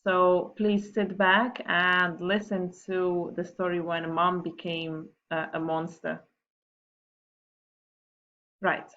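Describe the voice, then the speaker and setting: A female teacher giving a gentle, unhurried recorded morning message to her pupils and then reading a storybook aloud, with frequent ums. The recording is dull and lo-fi. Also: lowish voice, little pitch movement.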